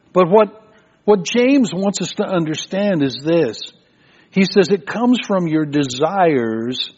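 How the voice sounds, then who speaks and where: An older man preaches to his congregation in a conversational, storytelling way, often repeating words as he goes. His voice sits somewhat high for a man. The recording is dull and lo-fi. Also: a little mellow. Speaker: pastor. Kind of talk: sermon. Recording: muffled, lo-fi sermon recording.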